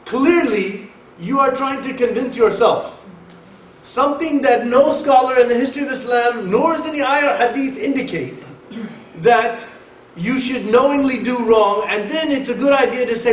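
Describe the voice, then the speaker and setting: A man giving a conversational sermon at a mosque, lecturing in an emphatic, animated way. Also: very high-pitched, moderate pace. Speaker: mosque speaker. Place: mosque hall. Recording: echoey hall, mic far off, faint hiss.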